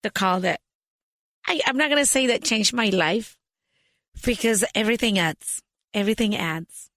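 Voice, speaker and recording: A woman, telling a story lively as a podcast guest and mixing in phrases. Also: mid-range voice, moderate pace, dry recording, clean studio sound. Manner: animated storyteller, switches into Spanish phrases. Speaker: podcast guest, business founder. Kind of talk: storytelling in an interview.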